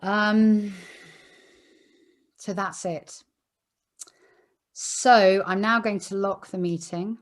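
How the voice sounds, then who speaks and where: A woman leading a live online meditation ceremony, explaining the steps slowly and soothingly and checking in with "okay?" over a video call. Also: mid-range voice, steady tone.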